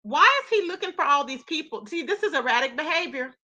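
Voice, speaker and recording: A woman's voice: high-pitched, lively intonation, a little fast, bright, forceful tone. A woman hosting a live gossip commentary stream, reacting with incredulous rhetorical questions and greeting her chat. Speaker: commentary channel host.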